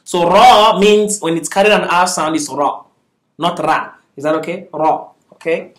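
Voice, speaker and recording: A man's voice: high-pitched, normal speed, a bit bright, echoey room, distant mic. A man teaching a beginners' Arabic class, patiently drilling syllables aloud and constantly checking that his students are following. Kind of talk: classroom lesson.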